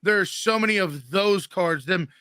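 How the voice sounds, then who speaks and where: High bright-voiced man telling crude stories. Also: clean tone, no room sound, studio quality. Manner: profane storytelling, quick and joking. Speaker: guest host. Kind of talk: casual chat.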